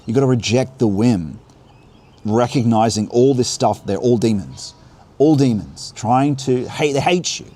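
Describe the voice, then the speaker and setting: With a warm, mid-range voice and lively intonation, a man delivers a heartfelt, unscripted spiritual talk on a livestream next to river rapids. He muses and begins his thoughts again as he goes, as water rushes faintly in the background.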